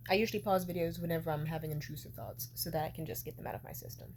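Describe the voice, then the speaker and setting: Woman, 20s, low-pitched vlogger, loose rambling storyteller, swears freely. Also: very fast, slight background noise. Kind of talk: casual storytelling vlog.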